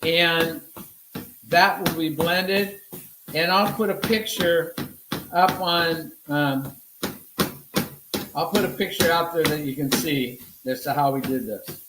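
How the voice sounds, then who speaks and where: A man's voice: on the high side, slow pace, long pauses, echoey room, very noisy. A man giving a casual cooking demonstration, talking to viewers as he cooks and answering his own questions. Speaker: cooking instructor. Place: home kitchen.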